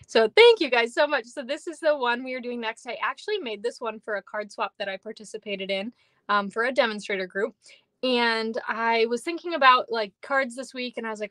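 Young woman, tired card-making instructor, chatty and upbeat, slightly high voice. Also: brisk, a bit bright, no echo. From Minnesota. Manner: chatty, upbeat, reads viewer comments aloud. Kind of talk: live stream craft demo. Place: air-conditioned basement.

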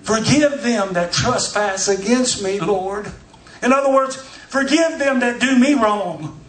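A man preaching a sermon as pastor, building to shouts as he goes. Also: high-pitched, slow. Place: church. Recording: echoey church from far off.

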